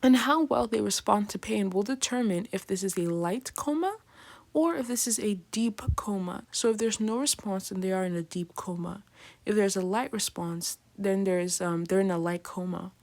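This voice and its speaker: A nursing lecturer gives a relaxed, chatty class packed with filler words, constantly checking in with "right?" and acting out patients in slangy voices. Her mid-range voice is slightly mellow and moves at a moderate pace.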